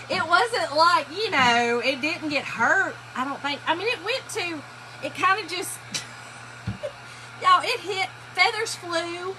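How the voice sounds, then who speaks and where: A woman's voice: extremely high pitch, pushed and bright, low-quality recording. A woman hosting a casual livestream, telling stories and laughing while painting furniture. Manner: chatty, laughing storyteller, addresses viewers as y'all. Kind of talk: casual livestream chat to viewers. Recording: workshop noise, sanding and rubbing.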